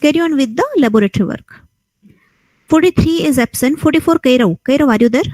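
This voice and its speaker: A woman teacher, firing brisk, probing questions at students in an oral lab exam over a video call. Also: sits high, a little mellow, dry recording, poor audio. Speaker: teacher conducting a lab viva.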